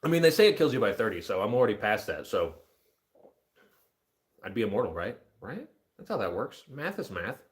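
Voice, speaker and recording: A man in his thirties rambles through a casual livestream chat, cracking jokes at his own expense. His pitch jumps around lively as he talks, and his attention drifts from one thing to the next. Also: fairly quick, long pauses. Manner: joking, self-deprecating, easily distracted.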